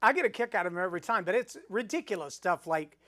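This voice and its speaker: A speaking coach in middle age runs a live webinar on storytelling, bringing quoted voices to life with an animated delivery. He's a fast talker, and his voice sits high.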